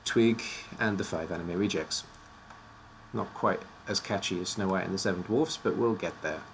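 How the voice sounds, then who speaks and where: A man's voice: low-pitched, normal speed, slight background noise. A man casually presenting teams on a live stream, his voice slightly worn out, joking and stumbling over odd names.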